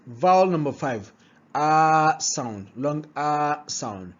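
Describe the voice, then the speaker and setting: In this pronunciation lesson, a non-native English-speaking man repeats every word several times, pausing to ask things like "all right?". He talks slowly with a fairly high voice and lively intonation, on lo-fi audio.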